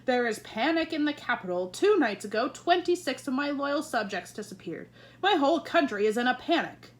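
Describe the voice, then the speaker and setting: A woman reading aloud, voicing a flustered, testy king who talks loudly and with exasperation. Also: sits high, expressive, moderate pace. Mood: panicked. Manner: loud, exasperated.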